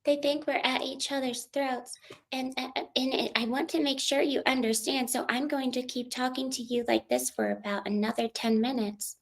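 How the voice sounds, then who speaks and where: A man putting on a whiny, overbearing reality-TV woman who over-explains in a slow, condescending way with a creaky falsetto. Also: steady tone.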